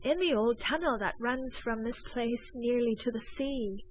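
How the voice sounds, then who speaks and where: A woman playing a pleading young smuggler gentleman. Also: on the high side, measured pace, rough recording. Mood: confiding. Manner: urgent, pleading.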